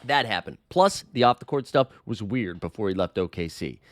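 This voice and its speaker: A man's voice: on the low side, lively intonation, moderate pace, dry recording, clean studio sound. Rambling man hosting a sports chat. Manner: rambling, self-correcting, opinionated. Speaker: sports podcast host. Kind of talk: casual basketball talk.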